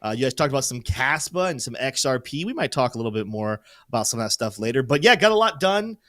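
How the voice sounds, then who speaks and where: A male host giving casual crypto market commentary in an energetic, joking way, hyping his viewers. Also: mid-range voice, quick pace, no room sound, studio quality. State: teary-eyed.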